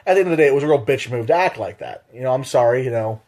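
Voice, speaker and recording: A man's voice: mid-range voice, racing. A young man co-hosting a podcast, chatting casually, telling stories in a profane, joking way. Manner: profane, joking, animated storytelling. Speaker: podcast co-host. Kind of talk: casual chat.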